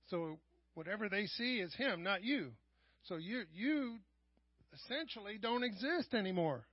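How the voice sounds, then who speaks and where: High-voiced preacher, dull lo-fi sound. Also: male voice, lively intonation, a little slow, husky, dry recording. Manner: swings from quiet asides to loud raised passages. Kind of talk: sermon. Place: church sanctuary. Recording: dull, lo-fi church live stream.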